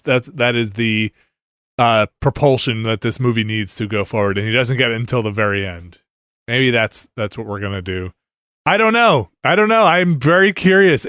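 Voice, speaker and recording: A man co-hosting a podcast, chatting casually with a lively voice that rises and falls a lot. He rambles in animated bursts and laughs often. The sound is dry and close. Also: medium pitch, no echo. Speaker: podcast co-host. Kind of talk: casual chat.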